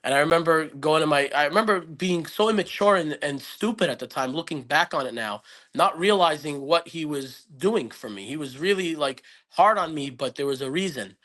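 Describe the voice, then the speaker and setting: Speaking with fairly high pitch, a fairly bright tone, and lively intonation, the man recounts a personal story as a podcast guest at a moderate pace. He's earnest and reflective, yet his casual interview telling wanders and keeps restarting.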